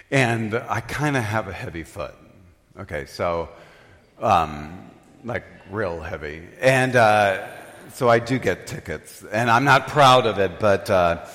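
A man's voice: fairly low pitch, fairly bright tone. An older man preaching in a humorous, self-mocking storytelling way, often laughing. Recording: reverberant hall.

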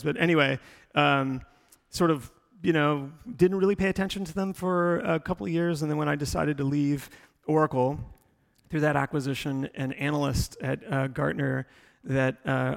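A middle-aged man with a gravelly, creaky voice tells his career story in a rambling way, full of "uh"s and restarts. He speaks at a medium pitch. His voice rings out with the long reverb of a large hall. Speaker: tech company executive guest.

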